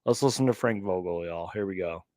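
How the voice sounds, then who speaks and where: A man's voice: sits low, a little fast, darkish tone, no echo. A man hosting a sports channel, ranting live and reacting to clips with exasperated sighs. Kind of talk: late-night live rant reacting to clips.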